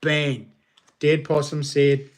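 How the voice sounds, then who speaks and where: A man's voice: a little high, completely flat delivery, slow pace. A man in his thirties with a New Zealand accent, hosting a casual home livestream, upbeat and chatty with his viewers. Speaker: livestream host. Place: small lounge nook at home.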